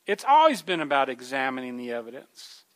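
A man's voice: medium pitch, sing-song, fairly quick, a bit bright. A man preaching a sermon in a conversational way, calling his listeners folks and growing more emphatic as he urges them. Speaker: pastor.

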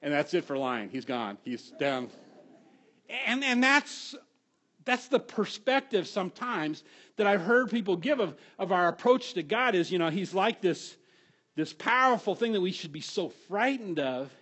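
Animated preaching man, swinging loud and hushed. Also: high voice, measured pace. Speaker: pastor. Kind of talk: sermon.

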